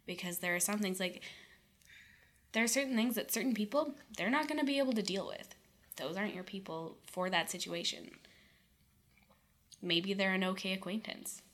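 A woman's voice: medium pitch, normal speed, long pauses, fairly bright tone. A woman co-hosting a podcast in casual chat, agreeable and supportive, laughing easily. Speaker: podcast co-host.

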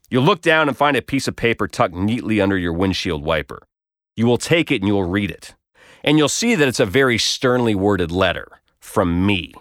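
A man's voice: fairly low pitch, fairly bright tone, no echo. A man reading his own comic story aloud with wry, dry humor. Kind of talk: scripted narration.

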